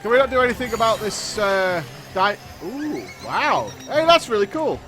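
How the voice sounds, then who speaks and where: A man's voice: sits high, big pitch swings, moderate pace, a bit bright, faint music behind. A man casually commenting while playing a video game, joking and reading things aloud. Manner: chatty, jokey, reads in-game text aloud in a mock dramatic voice. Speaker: game streamer. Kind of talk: casual let's-play commentary.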